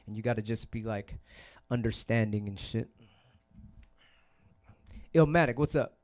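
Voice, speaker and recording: A man's voice: mid-range voice, a little mellow. A man hosting a casual livestream chat, rambling and swearing a lot, often repeating his phrases. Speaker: DJ and host.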